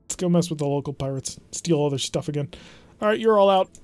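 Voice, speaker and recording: A man talks through a strategy game in a let's play, wry and chatty, often poking fun at himself. His voice sits a little higher than most men's. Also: quick pace, darkish tone, smooth, dry recording, faint music behind. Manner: wry, self-deprecating, chatty. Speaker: gaming channel host.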